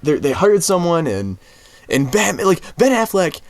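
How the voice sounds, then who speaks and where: A young man co-hosting a podcast, talking fast and animatedly about movies with many "like" asides. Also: a little high, gravelly, dry recording. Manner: animated, quick asides with lots of "like". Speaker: podcast co-host. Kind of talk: casual movie discussion.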